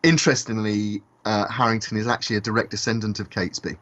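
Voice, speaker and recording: A man co-hosting a podcast discussion, talking in a halting way with many fillers and restarts. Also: on the low side, fairly even intonation, a bit bright. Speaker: podcast co-host. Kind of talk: casual discussion. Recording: dull lo-fi podcast audio.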